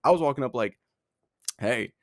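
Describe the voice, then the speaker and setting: A young man co-hosting a podcast, talking in an animated, rambling way with lots of fillers and laughs. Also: mid-range voice, fairly quick, no room sound, studio quality. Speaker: podcast co-host, head of talent. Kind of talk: casual chat.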